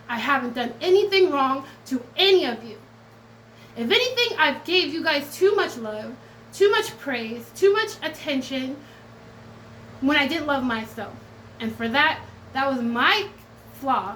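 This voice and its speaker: A woman's voice: sits high, fairly bright tone, a little hiss or hum, poor audio. A woman tarot reader talking straight to her viewers in a casual vlog, blunt and profane, swinging between defiance and tenderness and close to tears at times.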